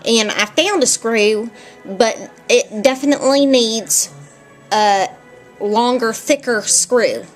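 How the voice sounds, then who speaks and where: A woman's voice: a little high, lively intonation, takes it slowly, soft background music. A woman imitating a religious friend with a thick Texas accent, speaking in a drawling, matter-of-fact way. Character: religious Texan woman friend fixing pots.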